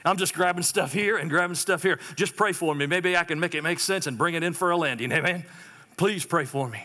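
A man's voice: a little high, brisk, bright, forceful tone, in a large hall. A man preaching a sermon as a church pastor, calling out to the congregation for amens and responses. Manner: call-and-response preaching, repeated prompts to the congregation. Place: church sanctuary.

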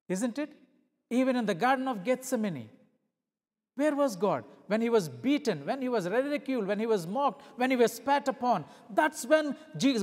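A middle-aged male visiting pastor preaching a sermon, moving between loud emphatic peaks and hushed low passages and asking his listeners rhetorical questions. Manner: asks the congregation rhetorical questions. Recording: long hall reverb.

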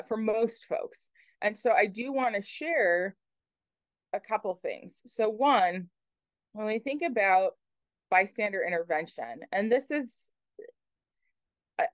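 A woman's voice: mid-range voice, no echo. A woman presenting a workshop in a casual lecture style, hesitant with many ums.

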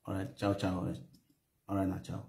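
A man's voice: low voice, monotone, fairly quick, vocal fry, very noisy. A man with a Nigerian accent hosting a casual online show, chatty and often checking that his listeners follow him. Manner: chatty, keeps asking "you understand?", laughs often. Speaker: YouTube host. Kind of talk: casual live commentary. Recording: echoey room.

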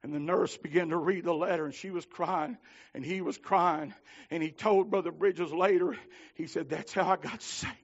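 A man preaching a holiness sermon, telling stories with fervor and swinging from shouts to low pleading. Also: fairly even intonation, normal speed, husky, dull audio. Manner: fervent, climbs to shouting then drops low. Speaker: minister.

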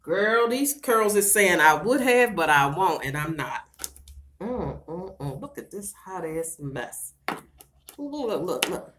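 A middle-aged woman from Baltimore, USA, with the local accent, livestreams a casual vlog and chats sassily with viewers, calling them girl and child. Her voice is on the low side with big pitch swings, a slow pace, and a fairly bright tone, over a little hiss or hum.

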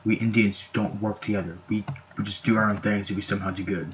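Male gameplay commentator, low-ish voice, excitable and rambling, dull home-mic sound. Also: fast, slight background noise. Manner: excitable, rambling, shouts at the game. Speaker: gameplay YouTuber. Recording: lo-fi mic with keyboard clicks.

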